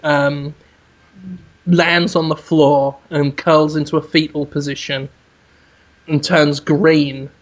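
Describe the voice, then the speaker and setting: A podcast host spinning an absurd comic movie pitch in a rambling, deadpan way, full of fillers and restarts. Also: slow pace, long pauses, dull audio. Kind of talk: absurd comedic storytelling.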